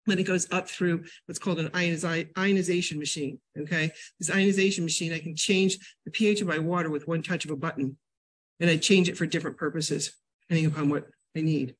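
An older woman from New England giving a casual health talk at a library, a chatty, animated storyteller. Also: deep voice, fast, breathy edge. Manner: chatty, animated storyteller with sudden loud jumps and laughs. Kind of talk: casual lecture with personal stories.

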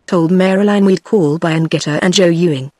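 Brief: easygoing young Southern man, read by a computer-voiced British woman, flat delivery, dry sound. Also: lowish voice, a little fast, dry recording. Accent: British English. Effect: text-to-speech voice.

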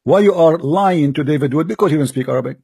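A man's voice: a little high, fast talker, dark tone, slightly rough, no room sound, studio quality. A man giving scornful, combative commentary over a debate clip, in broken English. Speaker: video commentator.

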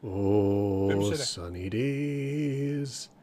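Drowsy greedy bear, voiced by a man for comic animal voice-over: deep, soft, mumbling, slow. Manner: low, drowsy murmur, mumbling about food. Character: lazy greedy male bear, slow and sleepy.

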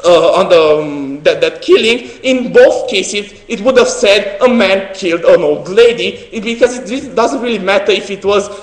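High-voiced young man debating in an echoey hall. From Romania. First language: Romanian. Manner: earnest, halting, frequent restarts and fillers. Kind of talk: competitive debate speech.

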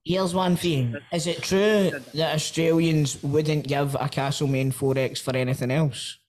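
A man's voice: a little high, fairly even intonation, measured pace, darkish tone, low-quality recording. A man with a Scottish accent co-hosting a football podcast, playful and teasing. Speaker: podcast co-host. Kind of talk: casual chat.

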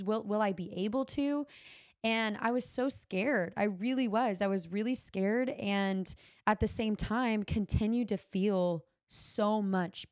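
A woman's voice: medium pitch, no echo, studio quality. A young woman hosting a podcast, telling a personal story in an earnest, heartfelt way and dropping the odd "y'all". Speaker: podcast host.

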